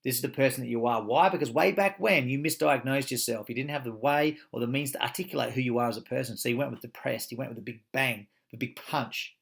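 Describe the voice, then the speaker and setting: A man's voice: mid-range voice, fast, gravelly, hardly any pauses, fairly bright tone. A man teaching a motivational coaching course, speaking emphatically, swearing freely and firing rhetorical questions.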